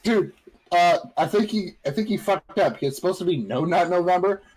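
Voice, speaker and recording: A man's voice: high-pitched, moderate pace, a little mellow, breathy edge, rough recording. A man co-hosting a podcast in crude casual chat, giggly as he reads things out. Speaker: podcast co-host.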